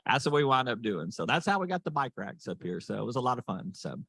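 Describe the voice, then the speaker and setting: A man's voice: mid-range voice, big pitch swings, quick pace, vocal fry, a bit bright, husky, dry recording. A man moderating a panel, telling a story in a folksy, casual way with many fillers. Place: meeting room.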